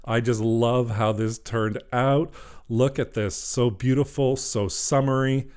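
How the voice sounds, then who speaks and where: A man's voice: mid-range voice, steady tone, slow pace, darkish tone, clean tone. A man hosting a craft channel, walking through each step of a tutorial in a cheerful, chatty voice and gushing over the finished work.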